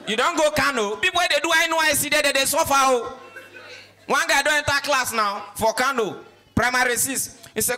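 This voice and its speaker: A man with a Nigerian accent doing loud, animated stand-up comedy and switching into acted voices as he tells stories. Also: very high-pitched, fairly quick. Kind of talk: stand-up comedy in Pidgin English.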